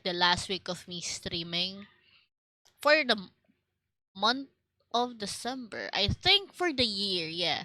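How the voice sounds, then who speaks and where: A woman's voice: mid-range voice, sharp tone, no room sound, rough recording. A young Filipino woman streamer with a Filipino accent, chatting casually and rambling with lots of fillers and restarts. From Philippines.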